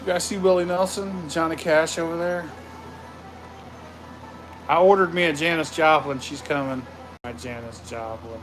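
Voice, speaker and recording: A man hosting a casual livestream from his home man cave, greeting viewers with loud, profane, rambling shout-outs. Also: on the high side, fairly even intonation, normal speed, pauses often, soft background music, rough recording. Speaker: livestream host.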